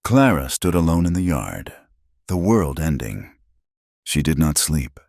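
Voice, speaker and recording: Deep-voiced dramatic male storyteller. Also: big pitch swings, measured pace, vocal fry, darkish tone, no echo, clean studio sound. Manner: dramatic, emphatic. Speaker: narrator.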